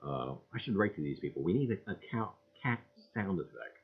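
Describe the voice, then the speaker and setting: A man hosting a casual livestream, loudly greeting viewers in a sing-song voice and muttering low asides, with "I tell you what" as a catchphrase. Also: lively intonation, a little fast, breathy edge. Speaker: livestream host. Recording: dull, lo-fi livestream audio.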